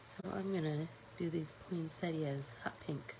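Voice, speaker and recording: Woman, low voice, slow unhurried talk, stuffy nose, chatty art-class host. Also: background noise. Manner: chatty, thinks aloud with fillers, greets viewers. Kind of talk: casual live-stream craft chat.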